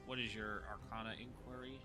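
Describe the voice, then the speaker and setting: A man's voice: fairly low pitch, flat delivery, a little fast, sharp tone, faint music behind. A man running a tabletop game as game master, loose and joking.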